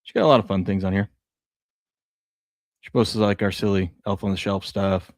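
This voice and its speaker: A man's voice: sits low, flat delivery, moderate pace, dry recording, studio quality. A man in his thirties, a sports show co-host, chatting casually and telling laid-back stories about his kids. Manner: laid-back storytelling with laughs. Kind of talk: casual chat.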